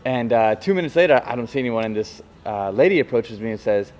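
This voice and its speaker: A man who works as a photographer, telling a story in a casual chat, animated, with many restarts and fillers. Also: medium pitch, quick pace. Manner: animated, stumbling retelling with fillers. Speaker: guest, photographer.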